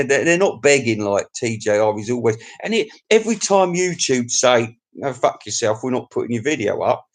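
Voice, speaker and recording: Cheeky, rambling man on a live stream. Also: fairly high pitch. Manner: cheeky, rambling and crude, with frequent laughs. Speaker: YouTube live-stream host. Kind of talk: casual live-stream chat reading viewer comments.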